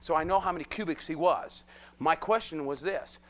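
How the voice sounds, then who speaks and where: Male preacher, live sermon, animated, rhetorical questions to the crowd, somewhat high voice. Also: moderate pace.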